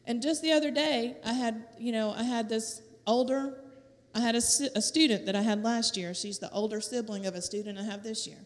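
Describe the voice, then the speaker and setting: A middle-aged woman with a Southern US accent tells a lively testimony in a church, laughing often and acting out the voices of others. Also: on the high side, brisk. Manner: lively storytelling, laughing often, acts out quotes. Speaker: teacher sharing a testimony at church. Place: church sanctuary. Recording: echoey church hall.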